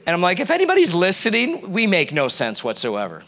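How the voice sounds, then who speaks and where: A man preaching a sermon to a live congregation, animated and often quizzing the audience. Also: high-pitched, fairly quick. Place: church.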